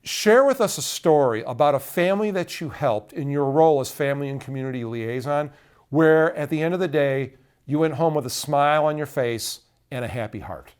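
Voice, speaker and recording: A man interviewing a school staff member, asking measured, prompting questions. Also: on the high side, expressive, a little mellow, clean tone.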